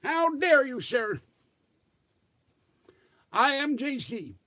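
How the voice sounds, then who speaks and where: A man's voice: extremely high pitch, sing-song, pitched above the performer's own voice, heavily acted. A man putting on a pompous ten-star general prank caller. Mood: indignant. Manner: indignant, grandiose, drawn-out shouting.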